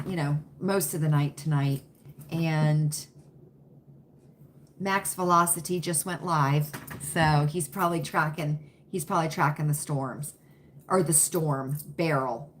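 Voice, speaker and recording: A woman's voice: low-pitched, slight background noise. A woman hosting a live stream, chatting folksily with viewers and answering their comments by name. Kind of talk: casual chat with live viewers.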